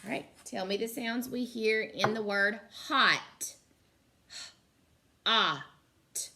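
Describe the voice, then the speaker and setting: A woman teacher leading a slow phonics lesson for young children, sounding out words carefully and praising the class. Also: fairly high pitch, fairly even intonation, sharp tone.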